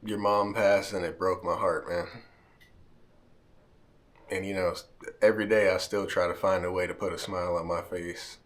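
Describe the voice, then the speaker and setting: A man with a very deep, low voice talks straight to camera in a heartfelt vlog. He is close to tears, his words catch and restart, and he keeps ending lines with "man". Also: little pitch movement, normal speed, pauses often, fairly bright tone. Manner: emotional, heartfelt, repeats "man", holding back tears. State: near tears. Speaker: vlogger. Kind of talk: emotional direct-to-camera vlog.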